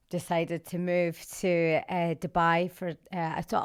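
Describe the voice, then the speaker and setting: A woman, a singer and fitness coach talking enthusiastically as a podcast guest, quick to laugh. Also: fairly low pitch, fairly even intonation, clear, resonant tone. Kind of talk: casual podcast conversation.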